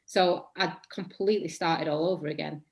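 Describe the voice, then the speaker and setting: Chatty Mancunian woman, lowish voice. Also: normal speed. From England. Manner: chatty, rambling, self-correcting; says her voice tends to be monotonous. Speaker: guest actor. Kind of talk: casual interview chat.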